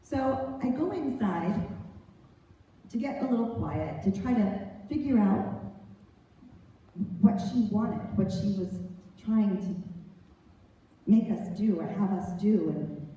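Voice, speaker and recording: A woman speaker telling a personal story to a large audience, animated and acting out the people she quotes. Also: medium pitch, slow, long pauses, muffled recording. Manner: animated, acts out quoted voices. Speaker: motivational speaker. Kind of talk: storytelling keynote talk. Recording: echoey hall from far off, faint noise.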